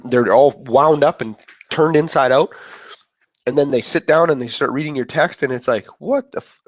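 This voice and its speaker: Rambling man with a lively voice. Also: mid-range voice, no room sound. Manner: rambling, self-interrupting, acts out quoted reactions. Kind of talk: casual motivational monologue. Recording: dull lo-fi dry sound.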